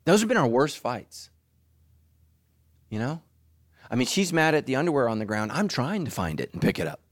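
A middle-aged man preaching a sermon as pastor, animated, who leaps into high mocking voices for asides.

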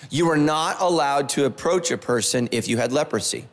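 A man's voice: medium pitch, moderate pace, long reverb tail. A male pastor giving a conversational sermon, repeating phrases and asking the congregation questions. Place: church sanctuary.

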